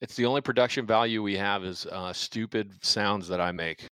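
A man's voice: lowish voice, fairly quick, sharp tone, clear, resonant tone, dry recording. A man co-hosting a casual sports betting podcast, joking and rambling with fillers. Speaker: podcast co-host.

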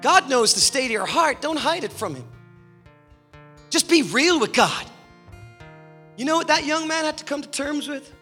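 A high, bright-voiced man preaches with fervent intensity, his voice climbing to shouts as he presses his point. His words ring out with a long hall reverb. Faint guitar plays softly behind him. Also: expressive, moderate pace, pauses often. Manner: impassioned, rising to shouts, acting out voices in parables. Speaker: guest preacher. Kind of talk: sermon.

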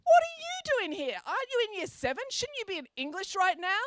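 A woman reading aloud plays a pompous science teacher who snaps and shouts in a shrill, swooping voice. He is forever indignant at his pupils, and the recording is close and dry. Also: huge pitch swings, brisk, no echo, full character voice.

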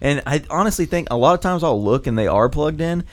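Animated, profane male storyteller. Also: a little high, quick pace. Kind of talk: casual podcast banter.

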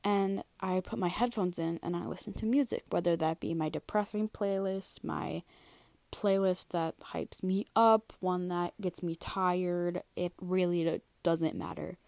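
Tired young woman with a gravelly voice. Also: lowish voice, steady tone, a little slow, a little mellow, no echo. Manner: chatty, rambling, many fillers and restarts. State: tired, yawning. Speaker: podcast host. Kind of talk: casual personal podcast talk.

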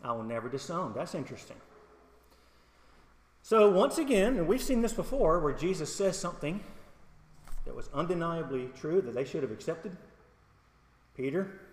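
A man's voice: fairly high pitch, sing-song, moderate pace, pauses often. A middle-aged male pastor giving a conversational sermon with humor, personal stories and questions to the congregation. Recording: echoey hall.

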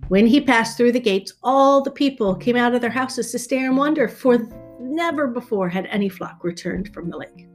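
Woman storyteller, fairy tale reading, fairly high voice, expressive, soft guitar behind. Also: normal speed. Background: soft guitar music.

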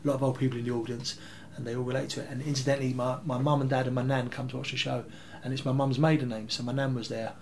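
A man, telling rambling, animated anecdotes as an interview guest. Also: medium pitch, racing, vocal fry, few pauses, a little hiss or hum. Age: 30s. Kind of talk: casual interview storytelling.

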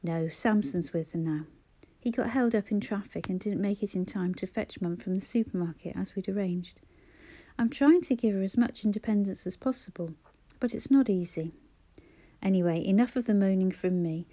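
Woman playing a courteous shop owner, male, lightly teasing, mellow tone, storybook reading. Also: mid-range voice, normal speed, no room sound, close to an everyday voice. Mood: friendly. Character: local man, shop owner, gallant and chatty.

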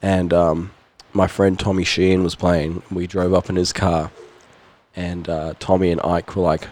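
A man's voice: sits low, little pitch movement, a little slow, darkish tone. A young man telling a story in casual chat, laughing often and swearing freely. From New Zealand. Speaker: podcast guest, musician.

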